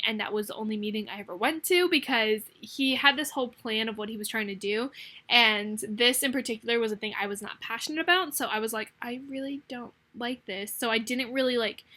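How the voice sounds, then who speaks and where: Young woman, planner vlog voice-over, rambling, fast-talking, caffeinated, bright tone, fairly high voice. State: caffeinated and hyper. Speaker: planner vlogger. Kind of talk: casual plan-with-me voice-over.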